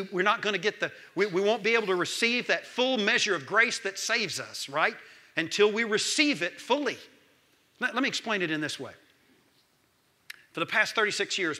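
A man, preaching a sermon as pastor, swinging between loud calls and hushed lines. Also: high voice.

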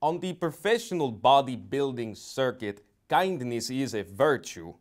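A man's voice: medium pitch, expressive, measured pace, lightly acted. An actor improvising a polite, humble former bodybuilder man from North Carolina, with a North Carolina accent and an earnest, formal manner. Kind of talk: improvised comedy interview.

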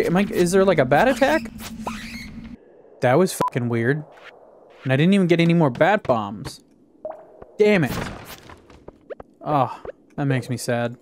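Brief: male gamer, excitable running commentary, curses freely, soft music under him. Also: a little high. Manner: excitable, swears, talks to the game. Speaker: gaming YouTuber. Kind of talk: casual let's-play commentary.

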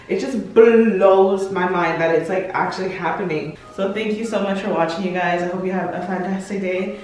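A woman's voice: medium pitch, fairly even intonation, moderate pace, darkish tone, distant mic. A young pregnant woman, days from giving birth, talking to her viewers in a gushing, emotional vlog with lots of fillers. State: heavily pregnant, days from labor. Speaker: vlogger. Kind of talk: casual vlog talk to viewers. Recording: roomy echo, mic set back.

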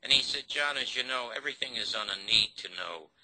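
A man's voice: medium pitch, fairly quick, pushed and bright, poor audio. An older man, a TV host and producer, tells a long story in an interview, acting out the quoted dialogue with feeling.

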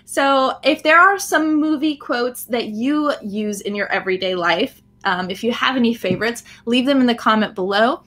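American woman teaching English, slightly high voice. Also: moderate pace, hardly any pauses, fairly bright tone. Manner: explanatory, checks in with "right?"; frequent "um" fillers. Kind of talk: live online English lesson.

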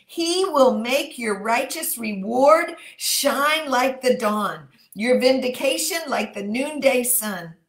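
Texan woman, prayer leader, fervent and repetitive, slightly high voice, echoey room. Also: expressive. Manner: fervent, slows to stress phrases, repeats key words. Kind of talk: livestreamed prayer and scripture reading.

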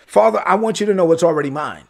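Gravelly high-voiced male preacher. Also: expressive, fast talker. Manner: emphatic, repeats words, builds to shouted peaks. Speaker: pastor. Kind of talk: sermon teaching.

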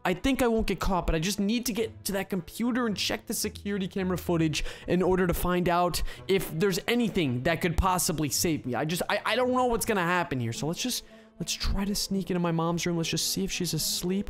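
A man hosting a gaming video, commenting on a role-play game in an excitable, exclaiming way and quickly turning indignant. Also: high-pitched, faint music behind.

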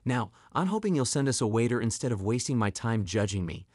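A man's voice: mid-range voice, very animated, a little fast, a little mellow, no room sound, clean studio sound. A man voicing a wealthy lawyer in his seventies who speaks in a self-assured, kindly way. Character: wealthy old male lawyer, confident and kind.

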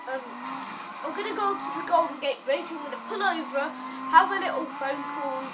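A young British woman in casual gameplay commentary, chatty and excitable, rambling with many fillers. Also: high-pitched, brisk, very noisy. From Britain. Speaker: gamer. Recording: voice far from mic under loud game music.

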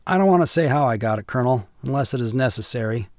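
A man's voice: medium pitch, animated, fast talker, a little mellow, no room sound, clean studio sound, natural voice. A man voicing a gossiping army staff officer who speaks in a hesitant, confiding way. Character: gossiping middle-aged male staff officer.

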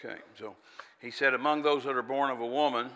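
A man's voice: medium pitch, steady tone, fast, bright, forceful tone, big-room sound. A man preaching a sermon in a folksy, conversational way, with chatty asides and little laughs.

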